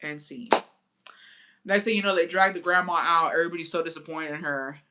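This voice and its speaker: A woman's voice: on the low side, fairly quick, background noise. A woman, chatting to her viewers in a blunt, profane way, slipping Spanish into her English and telling stories with theatrical asides. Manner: animated storytelling with theatrical asides. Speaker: vlogger. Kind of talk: casual chat to viewers.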